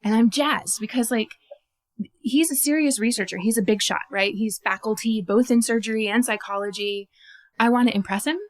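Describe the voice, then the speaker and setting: Lively, self-mocking woman telling a story. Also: a little high, normal speed. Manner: animated and self-mocking, many fillers like "like"; laughs at her own story. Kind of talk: first-person stage storytelling.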